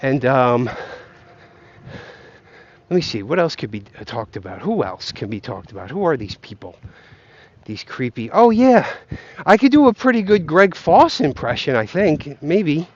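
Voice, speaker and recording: A man's voice: on the high side, big pitch swings, measured pace, long pauses, darkish tone, lo-fi sound. A man ranting and joking while walking outdoors, profane and rambling, talking straight to his viewers. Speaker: vlogger. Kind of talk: rambling comic rant. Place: outdoors, walking along a path.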